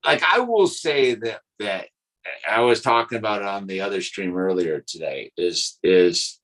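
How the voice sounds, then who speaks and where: A man's voice: lowish voice, lively intonation, measured pace, a bit bright, low-quality recording. A man chatting casually on a live stream, rambling in a laid-back way and dropping "dude" and "like" into most sentences. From California. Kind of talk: casual chat.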